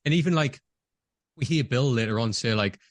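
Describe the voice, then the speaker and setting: A man's voice: mid-range voice, a little fast, no room sound, clean studio sound. A man, co-hosting a podcast and talking through a film with eager enthusiasm. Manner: enthusiastic, acts out scenes. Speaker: podcast co-host. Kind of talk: casual movie review chat.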